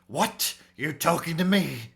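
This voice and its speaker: A man voicing an angry, rude male wolf bandit in a game, talking brashly and loudly. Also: mid-range voice, unhurried. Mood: gruff boasting. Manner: brash, shouting, swearing.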